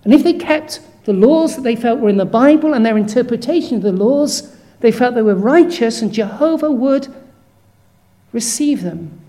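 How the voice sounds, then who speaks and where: A woman preaching a sermon in an earnest, measured way, stopping to read scripture verses aloud. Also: fairly high pitch, expressive, warm tone.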